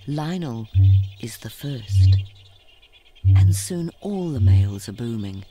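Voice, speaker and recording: Man, nature documentary narration, slow and dramatic, music behind. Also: medium pitch, lively intonation. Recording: clip with music underneath.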